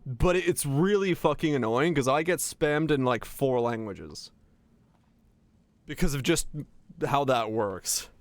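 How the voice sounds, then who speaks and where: A man's voice: mid-range voice, lively intonation, slow pace, no room sound. A streamer from Finland with an American accent carrying slight Southern touches, rambling casually as he answers chat.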